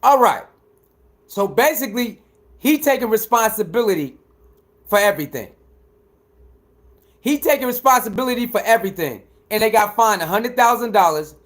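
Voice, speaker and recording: A man's voice: high-pitched, animated, normal speed, pauses often, a bit bright. A man hosting a live stream, reading viewer comments aloud and talking straight to his audience, repeating himself as he goes. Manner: heated when answering a critic. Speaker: livestream host reading chat.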